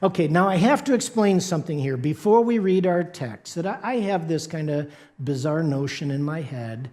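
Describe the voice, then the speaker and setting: A man's voice: a little high, animated, normal speed, a little mellow. A man preaching a sermon in a church, playful and joking with the congregation. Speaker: pastor. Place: church sanctuary.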